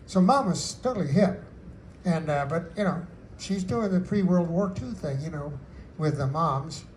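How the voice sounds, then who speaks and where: A man's voice: a little high, lively intonation, a little slow, darkish tone, a little hiss or hum, low-quality recording. An older man, a singer-songwriter, telling rambling, folksy stories about his songs at a book store event. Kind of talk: storytelling with live songs.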